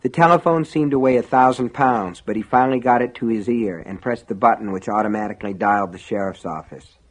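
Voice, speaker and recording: In a lowish voice, a man narrates a novel for an audiobook, reading the scripted text with a calm, even, measured delivery.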